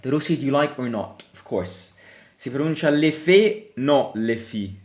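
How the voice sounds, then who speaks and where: A man's voice: mid-range voice, lively intonation, moderate pace, roomy sound. A man hosting a live football watchalong, chatting casually and jokingly while switching between English and Italian. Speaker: fan channel host.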